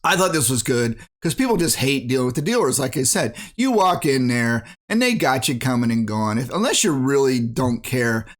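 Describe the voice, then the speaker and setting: A man's voice: medium pitch, big pitch swings, normal speed, hardly any pauses. Blunt ranting American man. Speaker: vlogger. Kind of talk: casual rant to camera.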